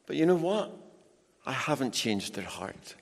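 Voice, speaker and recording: A man's voice: medium pitch, measured pace. Emphatic man preaching in a hall. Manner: animated, emphatic preaching with asides to the congregation. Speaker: pastor. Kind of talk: sermon. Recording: long reverb in a large hall.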